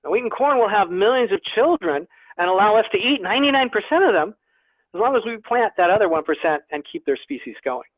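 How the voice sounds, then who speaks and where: High-voiced man lecturing over a tinny call. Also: very animated, quick pace, no room sound. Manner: chatty, self-deprecating humor, repeats words. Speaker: guest lecturer, plant scientist. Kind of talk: online lecture to a naturalist club. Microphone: video call. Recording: tinny, phone-like video call audio.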